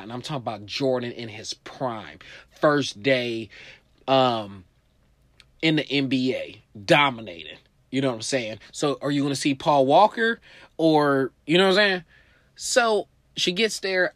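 A man hosting a show, telling a profane story with lively voices, shouting high when he acts out scenes, and turning calm and reflective later. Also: normal speed, dry recording. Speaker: comedian host. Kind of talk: stand-up storytelling.

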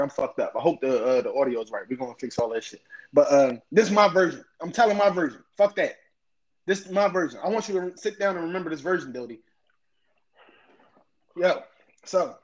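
Insistent man on a dull, lo-fi mic. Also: fairly high pitch. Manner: insistent, swears, interrupts to push his own version. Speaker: podcast host. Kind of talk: casual podcast banter. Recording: dull, lo-fi sound.

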